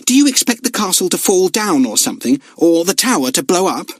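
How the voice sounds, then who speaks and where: A man's voice: high-pitched, big pitch swings, brisk, dry recording, studio quality, voice pushed up. A man voicing a cheerful, unafraid boy in an audiobook who teases politely. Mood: breezy. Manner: cheery and polite, lightly teasing. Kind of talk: audiobook character voice.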